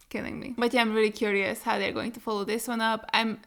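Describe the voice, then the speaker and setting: A woman's voice: fairly high pitch, little pitch movement, fairly quick, fairly bright tone. Rambling, emotional young woman vlogger. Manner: rambling, emotional, swears often. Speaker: reaction video host. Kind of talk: casual reaction chat.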